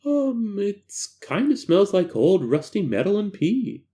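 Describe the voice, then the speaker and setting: A man's voice: sits high, very animated, slow pace, warm tone, pitched above the performer's own voice, full character voice. A man voicing an uneasy young female test subject in a light, airy, wistful voice. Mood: hesitant.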